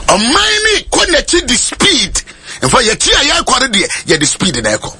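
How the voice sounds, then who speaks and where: A Ghanaian man preaching a sermon in a shouting, sing-song style. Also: medium pitch.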